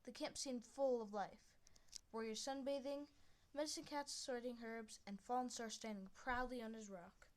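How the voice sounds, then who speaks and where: A woman reads a cat-clan adventure story aloud, stumbling and restarting now and then. She breaks off for chatty asides to her listeners. Her voice sits a little high. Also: fairly even intonation, normal speed. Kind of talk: reading an animal story aloud.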